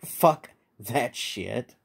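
Slow, bitter, swearing man venting. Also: medium pitch, expressive, gravelly, breathy edge. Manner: bitter, profane and resentful, with many halting restarts. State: tired. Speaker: vlogger. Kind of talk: late-night venting monologue.

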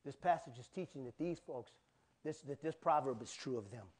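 A male pastor preaching a sermon, telling a personal story with animated acted-out cries and asides to the congregation. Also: mid-range voice, fairly quick. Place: church.

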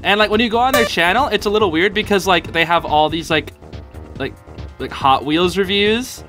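A man's voice: sits high, moderate pace, fairly bright tone, soft background music. A young man hosting a casual reaction video, laughing often and talking in loose slang full of fillers. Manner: giggly, filler-heavy slang talk.

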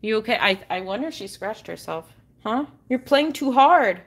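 A young woman hosting a casual livestream, cooing and encouraging her dog and swinging up high when she praises it. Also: expressive, moderate pace, husky.

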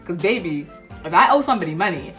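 A woman's voice: fairly low pitch, quick pace, soft background music. Sassy young woman telling a story. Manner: sassy, animated storytelling with asides. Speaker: vlogger.

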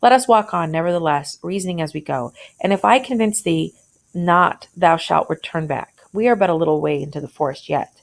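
Lady reading as a sly old traveler, low gravelly voice, old-timey coaxing talk. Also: fairly quick. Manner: archaic, persuasive reading. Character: sly older male traveler in the woods.

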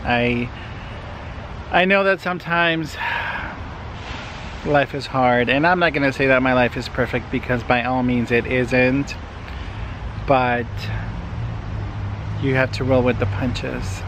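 A man speaking unhurriedly in a casual personal vlog, open and reflective in how he talks. His pitch sits in an ordinary middle range. A faint hum of noise runs underneath. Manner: slow, emotional, reflective then chatty. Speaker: vlogger. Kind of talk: casual vlog talk to camera.

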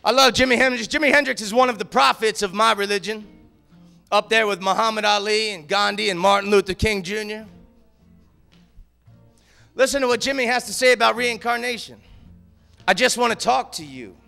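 A male comedian spinning loose, rambling stories from a stage, forever tacking "man" onto the end of a line. His voice sits high for a man and has a gravelly edge. The tone is bright and sharp. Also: fairly even intonation, brisk, faint music behind. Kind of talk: stand-up storytelling. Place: theater stage.

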